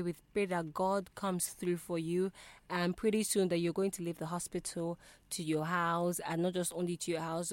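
Speaking into a studio mic in a radio studio, this young southeast Nigerian host keeps her show chatty and upbeat, repeating her greetings to the audience. Her pitch is fairly low and a little mellow, and the recording is dry.

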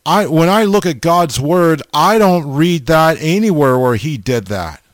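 Male preacher, informal sermon, slow deliberate delivery, smooth clear tone, slightly high voice. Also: lively intonation, dry recording. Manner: slow, halting, repeats the audience name often.

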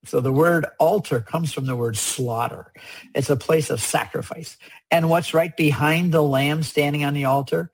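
A man's voice: fairly high pitch, steady tone, normal speed, slightly rough, rough recording. A man explaining religious imagery in a conversation, earnest and emphatic, often repeating his key points. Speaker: guest speaker on religious art.

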